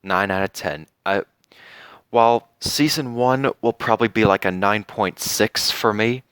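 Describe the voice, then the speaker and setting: Slow, earnest young man reviewing a show. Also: lowish voice, a bit bright, clean tone, no room sound, studio quality. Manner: earnest, heartfelt, with many fillers and pauses. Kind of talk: casual spoken review.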